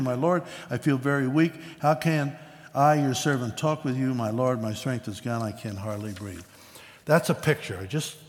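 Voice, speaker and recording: Male pastor, mid-pitched, preaching and reading scripture, long hall reverb. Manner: reads scripture aloud, then explains it conversationally with asides. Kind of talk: sermon. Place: church sanctuary.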